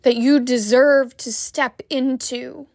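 A woman coach speaking slowly and with feeling, pressing each point with heartfelt emphasis. Her voice sits a little high, and the recording is dry and close, with no room sound. She talks straight to the viewer in a motivational style. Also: steady tone, gravelly, a little mellow, no echo. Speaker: wellness coach. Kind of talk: motivational talk to camera.

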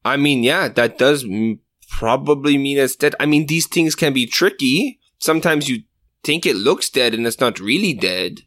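A man's voice: mid-range voice, expressive, normal speed, fairly bright tone, no room sound, studio quality. A man narrating a tabletop game as game master, casual and full of fillers. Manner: casual, filler-heavy, often laughing.

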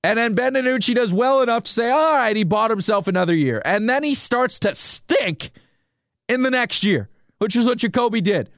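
Here a man talks at normal speed in a very high-pitched voice, recorded dry at studio quality. He's a sports radio host on a solo sports podcast, ranting with rhetorical questions, animated and speaking directly to listeners.

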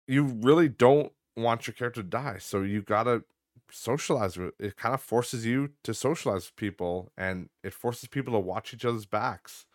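A young man from Canada hosting a casual solo podcast, rambling in a relaxed way and swearing offhandedly. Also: lowish voice, no room sound, clean studio sound. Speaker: podcast host.

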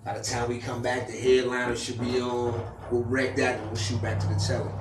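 A man who raps, telling a story in casual chat with profane slang and loud acted-out quotes. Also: mid-range voice, fairly quick, roomy sound, distant mic, noisy background. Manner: animated, profane street slang, acts out quotes loudly. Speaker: rapper.

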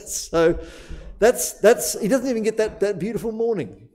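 Male preacher, mellow voice, storytelling sermon with shifting emphasis. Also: high voice. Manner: storytelling, varied emphasis with dramatic pauses.

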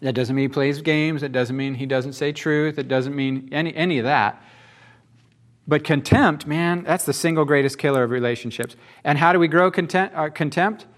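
A pastor with a fairly high voice preaches at a normal speed in a folksy, conversational style. He keeps tossing rhetorical questions out to the congregation.

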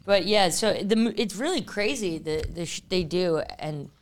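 A woman's voice: on the low side, moderate pace. A woman hosting a comedy podcast, chatting in a rambling way and laughing often. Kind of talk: casual podcast chat.

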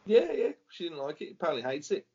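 A man's voice: fairly high pitch, sing-song, quick pace, over a noisy crowd. A man co-hosting a casual podcast, rambling and searching for words as he talks. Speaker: podcast co-host. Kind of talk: casual banter. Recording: dull lo-fi podcast audio.

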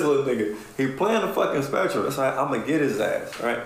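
Gravelly man telling a story in an echoey room. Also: medium pitch, fast, hardly any pauses. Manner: animated, profane storyteller who acts out quotes. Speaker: podcast co-host. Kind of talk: casual storytelling chat. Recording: echoey room with faint ambience.

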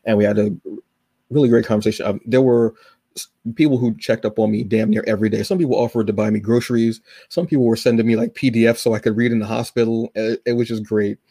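A man's voice: fairly low pitch, fairly even intonation, quick pace, dark tone, no room sound. A man hosting a podcast, chatting casually and emotionally, rambling with many restarts and fillers. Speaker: podcast host. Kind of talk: casual chat.

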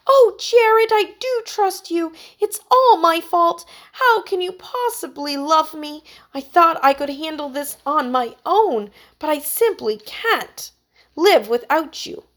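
A woman's voice: very high voice, animated, slow, fairly bright tone, voice pushed up, exaggerated voice. A woman doing a tearful soap opera heroine. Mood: melodramatic. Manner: breathless, overwrought, pleading.

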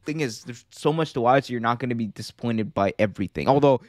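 A man's voice: mid-range voice, fast talker, darkish tone, no echo, studio quality. A man hosting a casual wrestling podcast, talking loosely, rambling and laughing often. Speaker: podcast host.

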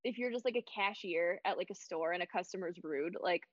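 A young woman telling a story in casual chat, her talk full of fillers. Her voice sits at a middle pitch. The recording is dry and a little dull. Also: brisk, dry recording.

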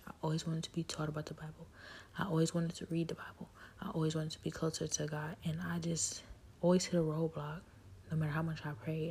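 A woman telling a personal spiritual testimony in an intimate, halting way, often sinking into a near whisper. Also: low-pitched, creaky, darkish tone, husky. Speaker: speaker sharing her story.

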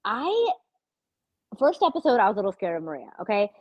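A woman's voice: medium pitch, huge pitch swings, brisk, a little mellow, no room sound, dull audio. A young woman co-hosting a podcast in casual chat, ranting heatedly, swearing and acting out quotes. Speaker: podcast co-host.

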